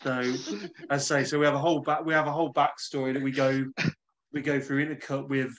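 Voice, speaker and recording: Measured man explaining a film plot. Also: mid-range voice, little pitch movement, fairly bright tone, lo-fi sound. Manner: explanatory, measured, repeats phrases. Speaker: podcast co-host. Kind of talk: casual chat.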